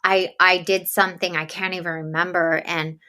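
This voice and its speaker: Interview guest: a woman with a bright voice, animated storyteller, casual chat. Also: lowish voice, normal speed. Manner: animated storytelling, laughs often. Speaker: podcast host as guest.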